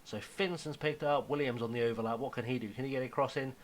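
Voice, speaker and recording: A man's voice: mid-range voice, quick pace, poor audio. Chatty man commentating his football game. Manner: chatty, self-mocking, drops to a hushed aside. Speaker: gaming YouTuber.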